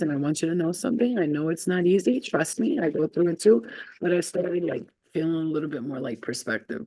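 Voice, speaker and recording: A woman's voice: sits low, mellow, dry recording. A woman doing a casual spiritual energy reading for her viewers, chatty and affirming, with lots of "like" and "you know.". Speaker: energy reader.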